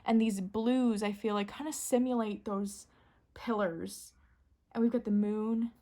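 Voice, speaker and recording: A woman in casual, excitable chat, gushing and giggling as she shows off a new deck. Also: medium pitch, a little slow. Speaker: tarot deck reviewer.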